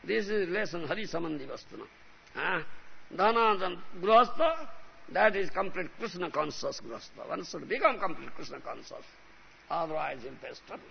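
Gravelly high-voiced male spiritual teacher. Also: big pitch swings, normal speed. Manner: emphatic, repeats a questioning "huh?". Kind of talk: devotional lecture. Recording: lo-fi recording with faint hiss.

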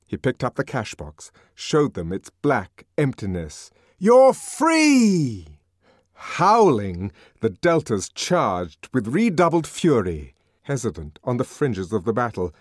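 Brief: male narrator, dramatic reading, pitch swinging wildly, dry close sound. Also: big pitch swings, measured pace, husky, no room sound. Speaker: audiobook narrator. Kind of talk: scripted narration.

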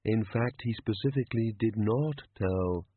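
A man's voice: on the low side, measured pace, a little hiss or hum, close to an everyday voice. A man voicing cold, cautious cosmic bureaucrats. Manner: flat, cautious deliberation. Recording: narrow phone-like sound.

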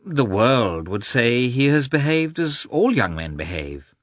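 A man voicing an anxious, excitable aristocratic mother in a storybook reading. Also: medium pitch, a little slow, dry recording, clean studio sound, pitched above the performer's own voice. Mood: fretful. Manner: fretful, excitable. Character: anxious aristocratic mother, woman, middle-aged.

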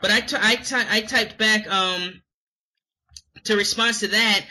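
A young Scottish man chats as a podcast co-host, rambling with lots of fillers and restarts. His high voice has a very bright, sharp edge. He talks in a loose, meandering way. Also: steady tone, unhurried, poor audio. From Scotland. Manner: rambling, hesitant, many fillers. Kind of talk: casual chat.

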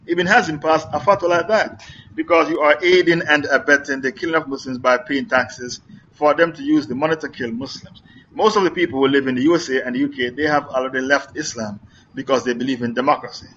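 Emphatic preacher man, bright tense voice. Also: medium pitch, highs cut off, a little hiss or hum. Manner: emphatic, repetitive, rhetorical questions. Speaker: preacher answering questions. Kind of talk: religious question-and-answer lecture.

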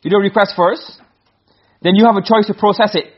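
Teaching briskly, a male instructor keeps stopping to check that the class is following along. His voice is high and husky with fairly even intonation, captured on a dull, lo-fi recording.

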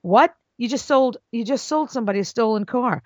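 A woman's voice: on the high side, lively intonation, fairly quick, dry recording. Blunt, emphatic woman host, lo-fi. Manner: blunt, emphatic, swooping into exclamations. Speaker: podcast host and script consultant. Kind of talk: casual monologue advice show. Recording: dull lo-fi dry recording.

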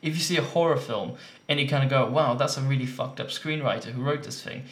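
A man's voice: medium pitch, quick pace. Chatty guy on a podcast, laughs a lot, echoey room. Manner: chatty, laughs often, hesitant restarts. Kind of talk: casual chat.

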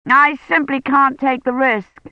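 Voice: high-pitched, little pitch movement, a little slow, no room sound, pitched above the performer's own voice. A reader voicing a cautious, reluctant young male technician who keeps apologizing. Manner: hesitant, apologetic. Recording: dull lo-fi sound.

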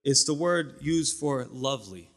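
Male pastor, relaxed teaching sermon with chatty asides, recorded in a reverberant church hall. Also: medium pitch, unhurried. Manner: conversational teaching with fillers and asides.

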